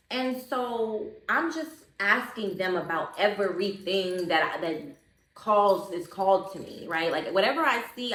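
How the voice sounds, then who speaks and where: Woman vlogger, lowish voice, expressive and chatty, a bit off mic in an echoey room. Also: recorded from a distance. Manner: chatty, expressive, calls listener baby. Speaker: spiritual vlogger. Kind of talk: casual storytelling to camera.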